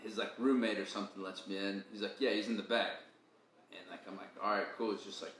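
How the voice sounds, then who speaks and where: A man's voice: fairly low pitch, fairly even intonation, fast talker, a bit bright. A young man, telling stories in casual chat with lots of slang and laughter. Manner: slangy, laughs often, says "bro" a lot. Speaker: podcast co-host. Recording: very echoey room, faint ambient noise.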